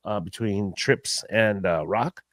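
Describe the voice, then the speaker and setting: A man co-hosting a wrestling podcast, chiming in with quick reactions and blunt opinions. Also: fairly low pitch, a bit bright, no room sound, studio quality. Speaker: podcast co-host. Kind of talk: casual wrestling recap chat.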